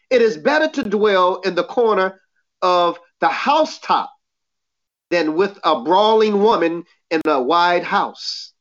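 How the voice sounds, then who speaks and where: A woman preaching on a Bible show, reading scripture slowly and then explaining it in plain, everyday talk. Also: fairly low pitch, expressive. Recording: dull lo-fi recording.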